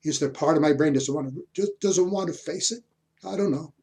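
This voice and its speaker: A man's voice: a little high, a little fast, a little mellow. An older man lecturing on history, telling a reflective personal story and repeating words as he searches for them.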